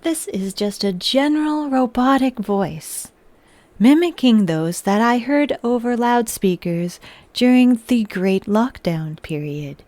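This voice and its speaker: A woman putting on a robotic announcer voice, giving monotone, measured machine announcements on a livestream. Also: a little high, dry recording. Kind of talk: livestream chat bit.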